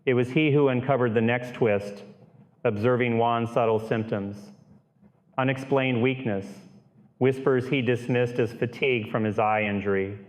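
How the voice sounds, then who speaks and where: A man narrating a true-crime style horror audiobook in a steady, grave storytelling voice. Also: mid-range voice, normal speed.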